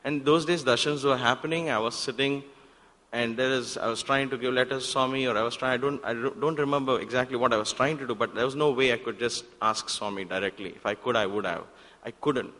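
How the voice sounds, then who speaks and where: A man, telling a personal story in a talk at a devotional center and acting out the exchanges in sudden loud bursts. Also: mid-range voice, fast. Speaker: guest speaker at a spiritual center. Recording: long hall reverb.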